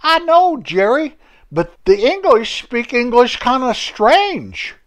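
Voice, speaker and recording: A man doing a high-pitched old country fellow, talking slowly and folksy as he rambles on. He is chatty and jokey, tripping over his words now and then in this storytelling skit. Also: very animated, exaggerated voice. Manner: rambling, homespun, self-correcting.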